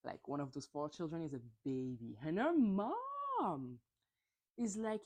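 A woman's voice: medium pitch, wildly swooping pitch, moderate pace. A woman hosting a casual solo podcast, chatty and gossipy, swearing and acting out quotes in mocking voices. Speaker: podcast host.

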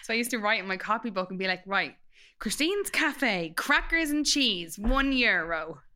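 Podcast co-host, young woman, bright clear tone, chatty, swears freely. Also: medium pitch, expressive, normal speed. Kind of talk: casual chat.

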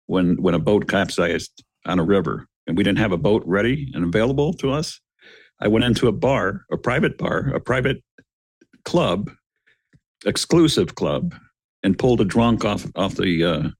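A middle-aged man with a fairly low voice tells a dramatic story as a guest on a podcast. He speaks earnestly, calls his listeners "gentlemen," and repeats words as he builds toward each point. The sound is dry and close. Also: breathy edge, dry recording. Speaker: guest, retired police officer.

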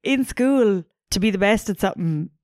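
A woman's voice: medium pitch, lively intonation, moderate pace, a little mellow, no room sound, studio quality. A young Irish woman co-hosting a casual chat, talking loosely with lots of fillers and the odd swear. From Ireland. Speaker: podcast co-host.

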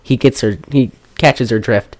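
A woman's voice: a bass voice, unhurried, a little mellow. A young woman hosting a casual chat, retelling a film's scenes in a rambling, profane way. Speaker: podcast host reviewing a film.

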